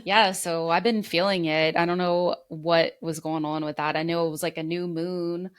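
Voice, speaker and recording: A woman's voice: fairly low pitch, steady tone, normal speed, clear, resonant tone. A young woman co-hosting a podcast, telling long heartfelt stories in casual chat, full of fillers. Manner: rambling, heartfelt storytelling with many fillers. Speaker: podcast co-host.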